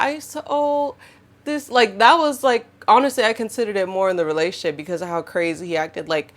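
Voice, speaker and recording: Expressive young woman talking straight to camera. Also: mid-range voice, fairly quick. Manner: expressive, animated, acts out quotes. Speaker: podcast host. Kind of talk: casual monologue to camera.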